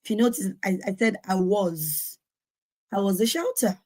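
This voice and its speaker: A woman's voice: medium pitch, normal speed. An earnest woman in her forties tells a parenting story over a video call. She acts out the voices of others as she goes. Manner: earnest, animated, acts out quotes. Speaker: conference speaker. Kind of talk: sharing personal parenting story.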